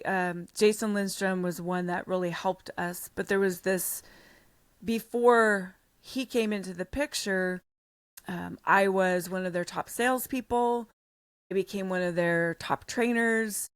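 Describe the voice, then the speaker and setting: A middle-aged American woman, a podcast guest, telling her story in a blunt, animated way with the odd swear word. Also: mid-range voice, clear, resonant tone, no room sound. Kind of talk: storytelling in an interview.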